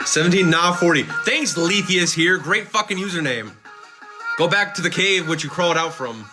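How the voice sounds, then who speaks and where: A man with a slightly high voice and moderate pace reads his livestream chat aloud, tossing out sarcastic, joking replies and swearing often, with music playing clearly underneath.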